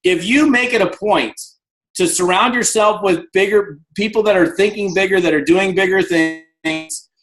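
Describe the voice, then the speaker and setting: A man in his fifties giving an energetic motivational talk on a video call, acting out the voices in his stories. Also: high voice, moderate pace, poor audio. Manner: energetic storyteller, acts out dialogue. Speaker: guest speaker.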